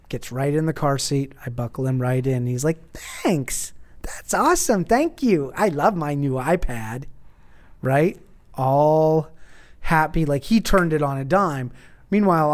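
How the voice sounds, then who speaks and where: A man in casual chat, telling a long story with many restarts and false starts. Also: on the high side.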